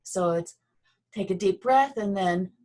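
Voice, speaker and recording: A woman leads a slow, gentle movement and voice lesson. She speaks over a video call, pausing between cues. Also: mid-range voice. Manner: gentle, slow guiding with pauses. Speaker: Feldenkrais movement instructor.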